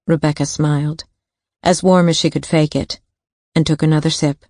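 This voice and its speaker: A woman reading a thriller audiobook in a steady, even narration on a studio mic. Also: low-pitched, moderate pace, no room sound.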